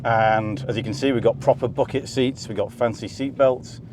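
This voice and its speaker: An enthusiastic man talks through a hot lap from the driver's seat, chatty and quick to laugh. His voice sits in the middle range for a man. Loud engine and road noise rumble underneath. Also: steady tone. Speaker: automotive video presenter. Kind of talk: excited driving commentary. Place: inside a car on a race circuit. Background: car engine and track noise.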